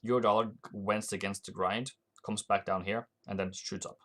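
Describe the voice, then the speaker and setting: Man, Norwegian accent, low voice, live trading stream, rambling, restarts sentences. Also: steady tone, normal speed, a bit bright. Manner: rambling, thinking aloud with frequent restarts. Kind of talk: live-stream market commentary.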